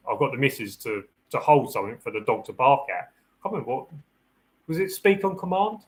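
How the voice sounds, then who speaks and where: A man's voice: medium pitch, a bit bright, low-quality recording. A man, a security dog handler hosting a live Q&A, giving practical advice in a casual, rambling way. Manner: practical and chatty, repeats and restarts phrases; acts out the dog's thoughts in a raised voice.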